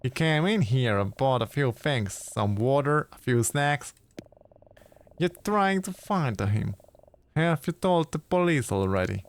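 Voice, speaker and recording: A man voicing a male gas station shopkeeper with an odd put-on accent, warning a visitor in a measured tone. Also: mid-range voice, expressive. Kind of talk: voicing game dialogue live.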